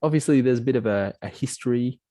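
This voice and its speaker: A man's voice: medium pitch, fast talker, warm tone, no echo. An Australian man co-hosting a casual football chat, talking knowledgeably about players and clubs. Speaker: co-host.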